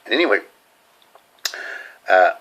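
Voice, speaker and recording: Here the older New Zealand-accented home video host takes things slowly in a slightly bright voice, and the recording has its highs cut off. He wanders through casual stories to the camera, chatting, digressing and chuckling at his own anecdotes.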